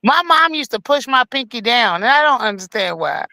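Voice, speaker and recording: A woman's voice: fairly high pitch, very animated, moderate pace, pushed and bright, dry recording, low-quality recording. A woman co-hosting a podcast in casual chat, teasing and playful.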